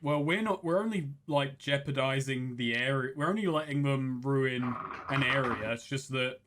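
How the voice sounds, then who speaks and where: A man's voice: medium pitch, fairly bright tone, a little hiss or hum. A man playing a tabletop role-playing game, chatting casually and correcting himself mid-thought. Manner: rambling, self-correcting, quick asides. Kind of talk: casual in-character table talk.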